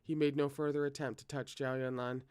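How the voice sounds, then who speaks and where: A man reading a novel aloud at a steady pace, now and then correcting himself. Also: medium pitch, a little fast, clean tone. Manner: steady, occasional self-corrections. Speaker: reader.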